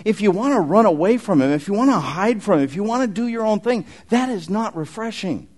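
Male pastor, middle-aged, animated conversational sermon, slightly higher voice. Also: a little fast. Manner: animated, conversational preaching with asides to the congregation.

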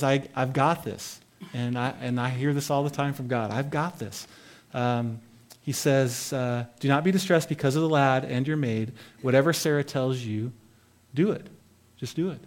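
A man's voice: medium pitch, a little mellow. A man giving an informal devotional Bible teaching, reading scripture aloud and then commenting in a loose, conversational way.

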